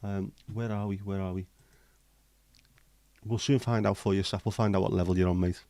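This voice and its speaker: A livestream host with a fairly low, mellow voice rambles and jokes while chatting with viewers. He speaks at a normal speed with fairly even intonation. The studio sound is clean, with no room sound.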